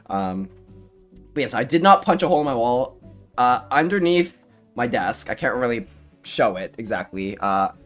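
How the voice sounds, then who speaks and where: A man's voice: medium pitch, very animated, normal speed, faint music behind. A young man streaming live, chatting casually in a rambling, self-mocking way and laughing often. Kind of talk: casual livestream chat.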